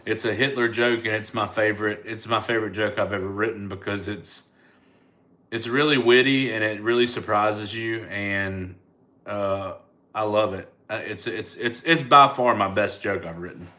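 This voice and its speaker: This man from the United States has a Southern accent and a lowish voice that sounds pushed and bright, at a moderate pace. He's a comedian doing a live chat with fans, casually rambling as he answers their comments.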